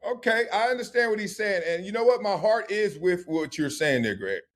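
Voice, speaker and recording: A man hosting a sports talk podcast, telling animated stories, acting out voices and laughing often. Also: sits high, fairly quick. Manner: storytelling, mimics others' voices, laughs often. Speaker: host.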